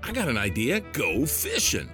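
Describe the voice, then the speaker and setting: A man's voice: mid-range voice, huge pitch swings, normal speed, voice pushed up. A man putting on a hyped, salesy announcer voice for an ad read over music. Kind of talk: upbeat radio ad read. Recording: ad with loud music bed.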